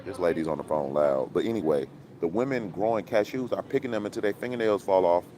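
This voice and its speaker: A man's voice: low voice, quick pace, a crowd in the background. A man hosting a casual commentary chat, talking in a preachy, conspiratorial, rambling way full of fillers and laughs, recorded outdoors. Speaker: commentary channel host.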